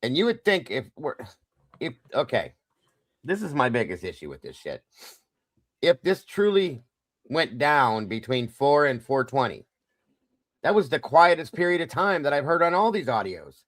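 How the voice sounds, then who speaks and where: With a mid-range, very animated male voice and a fairly bright tone, a true-crime livestream host talks at a moderate pace. He's casual, blunt, and swears a lot, constantly reminding viewers it's only his opinion, and there's no echo.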